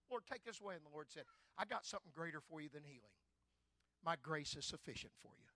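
An older man preaching a sermon, fervent and swelling loud on key phrases. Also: on the high side, expressive, quick pace, no room sound. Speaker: pastor.

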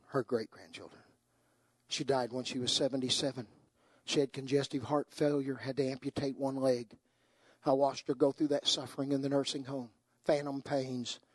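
A man's voice: medium pitch, no room sound. Older male preacher, impassioned swings. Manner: impassioned, swings from hushed tender to soaring shouts. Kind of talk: sermon.

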